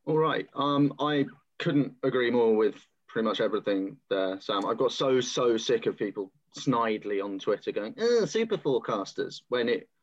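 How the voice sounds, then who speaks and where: A British man hosting a podcast panel, voicing opinions in an exasperated, animated way. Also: mid-range voice, normal speed. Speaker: podcast host. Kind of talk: casual panel discussion. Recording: slightly dull podcast audio.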